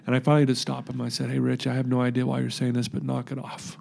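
Male guest, earnest storyteller, dark gravelly tone, voices each person in his tale. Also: medium pitch, monotone, fast. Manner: recounts events by acting out quoted dialogue; earnest, emotional. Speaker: podcast guest.

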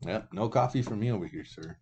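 A man's voice: fairly low pitch, expressive, brisk, darkish tone, lo-fi sound, a little hiss or hum. A man cohosting a casual chat, teasing his partner with crude, profane jokes. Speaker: podcast co-host.

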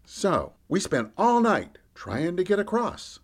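Taking on a full character voice, a male podcast storyteller plays a frank fisherman disciple recounting his life in the first person. His high voice moves slowly, lively and rising and falling with the events.

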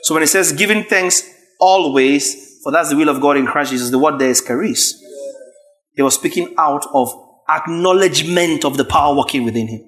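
A man preaching a sermon, emphatic and repetitive, rising to shouts at his peaks. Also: fairly high pitch, brisk. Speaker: pastor.

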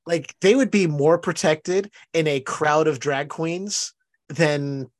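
A man's voice: a little high, slow pace. A man appearing as a podcast guest, chatting casually and playfully, often laughing and agreeing.

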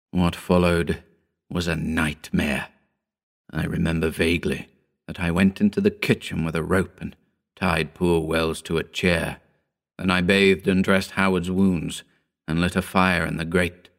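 Deep-voiced man narrating a horror story. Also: little pitch movement, a little slow, creaky. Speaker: audiobook narrator. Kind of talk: scripted narration.

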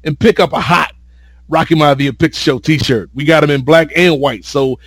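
A man's voice: on the high side, moderate pace, a bit bright, slightly rough, no room sound. Joking man plugging podcasts, dry close sound. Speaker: podcast guest and host of other shows. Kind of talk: casual podcast chat.

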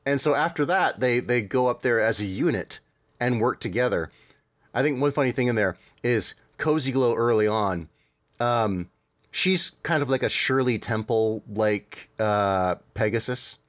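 A man's voice: mid-range voice, expressive, a little slow, dry recording, clean studio sound. A man hosting a casual podcast, chatting about cartoons in a rambling way with fillers and laughs. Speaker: podcast host.

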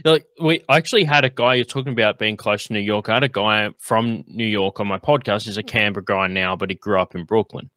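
A man's voice: lowish voice, fast, few pauses, pushed and bright, dry recording. A man hosting a podcast in casual chat, rambling with lots of fillers and frequent laughs. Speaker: podcast host.

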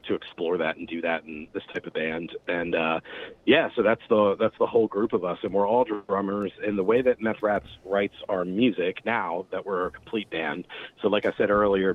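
A man in a band, talking casually in an interview, rambling with lots of fillers. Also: low-pitched. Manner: rambling, filler-heavy, relaxed storytelling. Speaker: band member guest. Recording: phone-like narrow sound.

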